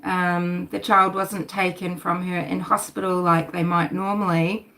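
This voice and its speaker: A woman's voice: on the low side, flat delivery, unhurried, creaky, a bit bright. A middle-aged woman, hosting a casual livestream, talking animatedly, swearing and reading out chat comments. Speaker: livestream host.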